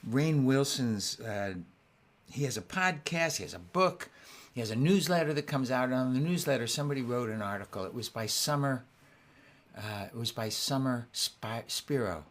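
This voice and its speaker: A man hosting his weekly concert, talking softly and haltingly between songs, with many restarts. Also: medium pitch, expressive. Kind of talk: casual spoken introduction between songs. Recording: guitar playing along in the background.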